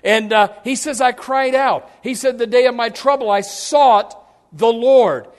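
A man's voice: extremely high pitch, measured pace. A man preaching a sermon in a folksy way, with many restarts, acting out what people say. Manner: folksy, repetitive restarts, acts out quotes. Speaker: pastor.

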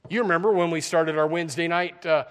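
A man's voice: on the high side, fairly even intonation, quick pace, clean tone. A male pastor preaching a folksy sermon and breaking now and then into mocking put-on voices.

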